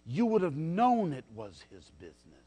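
A preacher voicing a tearful, elegant wife in a hotel lobby, in his own high voice with a hushed, earnest retelling. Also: very animated, moderate pace, breathy edge. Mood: shaken.

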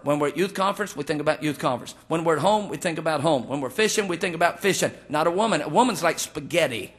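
A man's voice: a little high, a bit bright. A man preaching a humorous sermon as a pastor, telling folksy stories and acting out the people he quotes. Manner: folksy storytelling with jokes; acts out quoted voices.

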